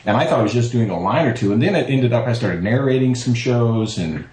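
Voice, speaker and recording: A man's voice: mid-range voice, a little fast, reverberant, poor audio. A man, a voice actor, chatting casually in an interview and acting out the people he quotes. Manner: animated storyteller, acts out quotes. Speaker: voice actor, guest.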